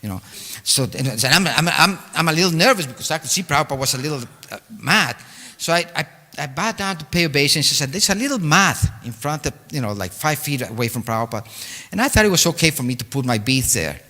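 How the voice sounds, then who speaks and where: An older man telling a personal story at a memorial talk, halting and full of fillers and restarts. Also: fairly high pitch, animated, bright, forceful tone. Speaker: devotee giving a homage talk. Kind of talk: storytelling reminiscence. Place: temple hall. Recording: long hall reverb.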